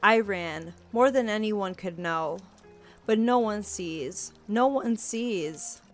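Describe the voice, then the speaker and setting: A woman's voice: medium pitch, slow pace, lightly acted. A woman plays a self-doubting seventeen-year-old assistant who flares into raised, agitated outbursts. The voice stays in a middle register. Faint music plays under the game read. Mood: despairing.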